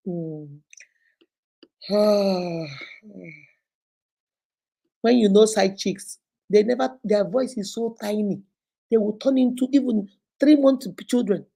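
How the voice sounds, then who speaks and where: Warm, animated Nigerian woman vlogger. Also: medium pitch, slow pace, pauses often. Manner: animated, preachy. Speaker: vlogger host. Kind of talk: casual chat to viewers.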